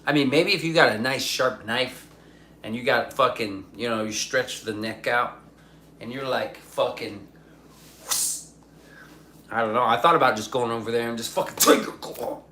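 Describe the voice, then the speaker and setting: Young man, streamer, bright voice, rambling, swears a lot, reads chat. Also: mid-range voice, normal speed, pauses often, a little hiss or hum. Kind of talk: casual livestream chat.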